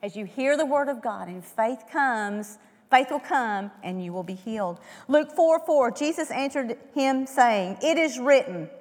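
High-voiced woman preaching in a reverberant hall. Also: expressive, unhurried. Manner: asks rhetorical questions, shifts between loud emphasis and hushed tones. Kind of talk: sermon.

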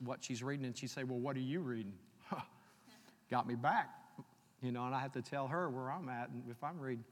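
A man preaching a sermon, reading scripture slowly and telling personal stories in a conversational way. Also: medium pitch. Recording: long hall reverb.

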